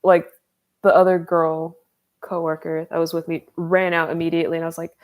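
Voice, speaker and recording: A woman's voice: lowish voice, level tone, a little fast. A young woman in her twenties telling a story in a casual chat, filler-heavy and laughing often. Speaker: streamer.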